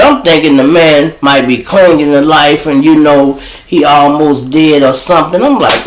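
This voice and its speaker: A man's voice: moderate pace, roomy sound, rough recording. Profane man telling street stories. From Chicago. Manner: animated, profane, jumps to high voices for quoted people. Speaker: storyteller host. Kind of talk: casual street storytelling.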